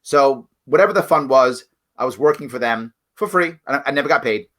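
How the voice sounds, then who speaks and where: A man's voice: mid-range voice, lively intonation, a little fast, fairly bright tone. A middle-aged man hosting a livestream political commentary show, talking bluntly and emphatically straight to his viewers.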